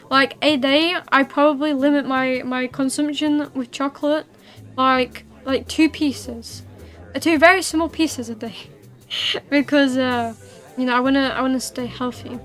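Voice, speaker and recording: Chatty high-voiced woman streamer. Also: a bit bright. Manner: rambling, chatty, frequent fillers and restarts. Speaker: livestream host. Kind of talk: casual chat with viewers while streaming.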